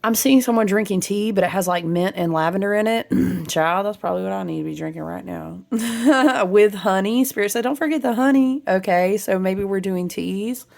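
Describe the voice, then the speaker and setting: Gravelly-voiced woman giving a casual card reading. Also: mid-range voice, steady tone, a little fast, few pauses. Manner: warm, chatty, laughs often, reads card text aloud. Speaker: spiritual card reader.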